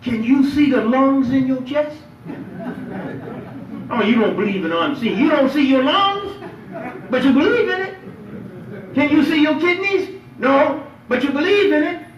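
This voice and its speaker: A man preaching a lively Friday sermon as imam, playful and emphatic, drawing responses from the congregation. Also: extremely high pitch, a little slow, pauses often, dull audio. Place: mosque prayer hall. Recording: echoey hall, picked up from far off.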